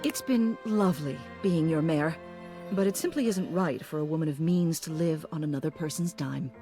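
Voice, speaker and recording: A prim, gravelly society lady. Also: low-pitched, dark tone. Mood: gracious. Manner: formal, brisk and businesslike. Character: prim, proper woman of means, born a ceiling. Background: game music.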